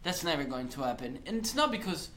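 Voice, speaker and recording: A young man from Italy with an Italian accent, a podcast guest who talks in an earnest, halting way and laughs often. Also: on the high side, sing-song, fairly bright tone, slight background noise. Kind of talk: casual conversation.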